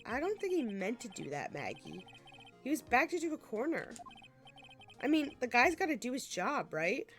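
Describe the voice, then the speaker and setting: A woman voicing a calm young male defense lawyer, speaking softly and reassuringly. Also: on the high side, normal speed, soft background music.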